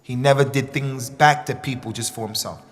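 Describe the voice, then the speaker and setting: A man teaching a religious workshop for young people, animated and repeating phrases for emphasis, with Arabic recitation mixed in. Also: mid-range voice, normal speed, a little hiss or hum. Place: mosque.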